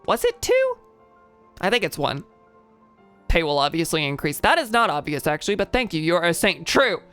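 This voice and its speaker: A woman's voice: low-pitched, expressive, fairly quick, fairly bright tone, clear, resonant tone, soft background music. A young adult woman streamer giving casual gaming commentary with chatty, wry asides.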